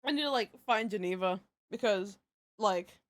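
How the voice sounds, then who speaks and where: A woman's voice: mid-range voice, moderate pace, no room sound. A young woman answering questions on a casual live stream, rambling and giggly with many fillers and restarts. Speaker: streamer and project creator.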